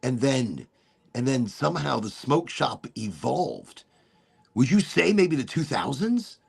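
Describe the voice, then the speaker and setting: A man's voice: medium pitch, very animated, measured pace, gravelly, breathy edge. A middle-aged man hosting a casual chat show, rambling freely with laughs and swearing. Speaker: podcast host.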